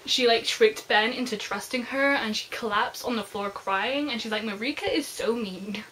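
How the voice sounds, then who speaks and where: A young woman talks through a book as an eager fan would, her voice sitting a little high. She rambles casually with plenty of "like" and asides. A faint hiss runs under the recording. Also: normal speed, sharp tone, rough recording. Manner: chatty, gushing fan, lots of "like". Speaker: book reviewer. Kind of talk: casual spoiler book review.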